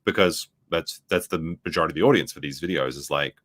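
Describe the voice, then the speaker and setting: A man's voice: very deep voice, fast talker, a bit bright. A man giving casual, rambling reaction commentary, full of fillers. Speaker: commentary streamer.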